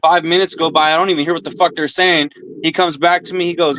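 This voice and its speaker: A man's voice: fairly high pitch, steady tone, fast, fairly bright tone, a little hiss or hum, poor audio. A man co-hosting a podcast, telling rambling stories in casual chat, swearing a lot and calling everyone bro. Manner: profane, storytelling, says bro often. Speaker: podcast co-host.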